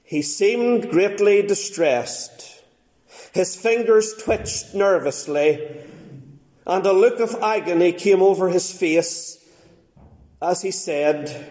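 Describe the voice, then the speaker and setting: A man preaching a sermon, reading a story aloud slowly and deliberately with dramatic pauses. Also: sits high, a little mellow. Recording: echoey room.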